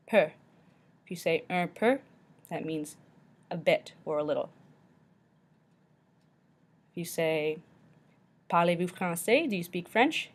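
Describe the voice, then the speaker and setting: Woman teacher, lowish voice, slow, deliberate, repeats each word for learners. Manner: repeats words slowly and carefully. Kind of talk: slow pronunciation lesson.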